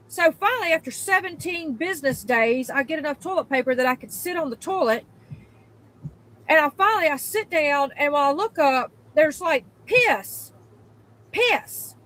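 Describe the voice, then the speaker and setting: Fed-up woman with a high voice, cursing through an angry rant with shrill bursts. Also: a little hiss or hum, low-quality recording. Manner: profane, exasperated, emphatic; spikes into loud high outbursts. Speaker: worker venting in a video clip.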